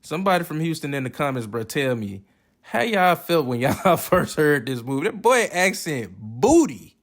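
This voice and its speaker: A man's voice: on the high side, moderate pace. A man giving casual, joking and profane commentary while reviewing movies. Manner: profane, joking, animated reactions.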